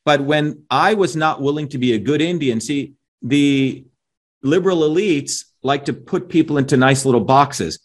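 A man's voice: a little high, moderate pace, hardly any pauses. A man speaking as an interview guest, emphatic and combative, pushing his points and often tagging them with a questioning "right?". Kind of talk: opinionated interview talk.

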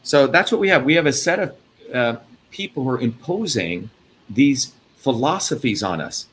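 A man's voice: mid-range voice, sing-song, normal speed, a bit bright, a little hiss or hum. A man hosting an interview from India, ranting angrily and emphatically with lots of swearing. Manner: profane, angry, emphatic ranting. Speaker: host. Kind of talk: heated interview talk.

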